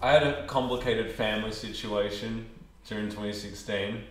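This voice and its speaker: A man's voice: on the low side, fairly even intonation, moderate pace, a bit bright. A young Australian man with an Australian accent, rambling and joking as a podcast host in casual chat. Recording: echoey room, faint background noise.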